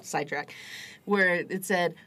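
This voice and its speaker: A woman's voice: fairly low pitch, measured pace, sharp tone. A woman co-hosting a casual recovery talk, blunt and profane but supportive, laughing often. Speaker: podcast co-host.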